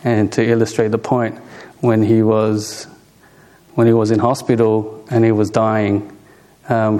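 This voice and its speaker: A man giving an informal Dhamma talk on meditation, unhurried and halting, with many fillers, restarts and soft chuckles. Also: lowish voice. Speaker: Buddhist meditation teacher.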